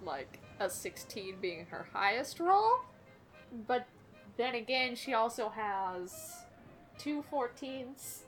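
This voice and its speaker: A woman's voice: a little high, sing-song, takes it slowly, faint music behind. A woman playing a tabletop game, giggly and playful as she describes her rolls. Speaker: player.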